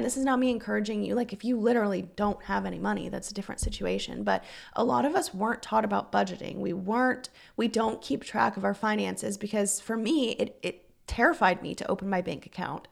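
With a medium-pitched voice marked by vocal fry, a young adult woman hosts a casual solo podcast as a business coach. She comes across as earnest, chatty, and encouraging, uses lots of fillers, and her voice keeps cracking.

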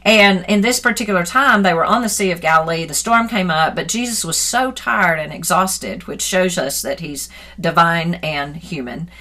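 A middle-aged woman and Christian author giving an earnest personal devotional talk into her phone, reflective and at times animated. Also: mid-range voice. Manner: earnest and reflective, grows animated and laughing when retelling a story.

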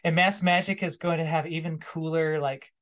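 A man being interviewed as a guest, talking reflectively in a relaxed, storytelling way and laughing now and then. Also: a little high, normal speed. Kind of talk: casual interview conversation.

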